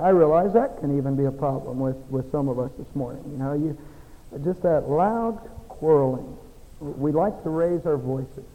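A middle-aged male pastor preaching a sermon, folksy, swinging between soft, confiding passages and emphatic exhortation. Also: on the high side. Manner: folksy, self-deprecating asides. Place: church sanctuary. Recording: long church reverb.

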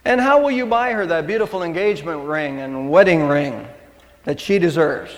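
A man's voice: a little high, expressive, moderate pace, long reverb tail, natural voice. A male pastor voicing a skeptical middle-aged father who questions his daughter's fiancé, in a joke told from the pulpit. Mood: probing.

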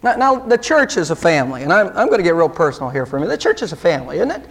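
A man's voice: on the high side, very animated, very fast, creaky. A male pastor preaching a sermon, earnest and direct, with pointed rhetorical questions to the congregation.

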